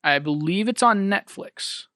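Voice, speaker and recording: Higher-voiced young man rambling as podcast host. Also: expressive, unhurried, sharp tone, no echo, clean studio sound. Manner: rambling, with frequent restarts and chuckles. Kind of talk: casual chat.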